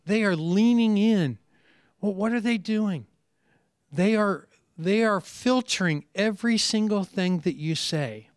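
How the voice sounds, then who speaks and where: A middle-aged preacher speaks on a conference panel, his voice sitting a little high for a man. He tells stories in a lively way and acts out the people in them. The sound is close and dry, with no room echo. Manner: lively storytelling, acting out quoted people. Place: conference seminar session.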